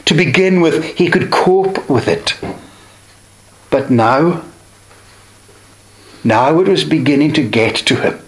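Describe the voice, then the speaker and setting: Slow, measured male preacher, echoey room. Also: fairly high pitch, lively intonation. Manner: slow, measured preaching with pauses between phrases. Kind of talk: sermon.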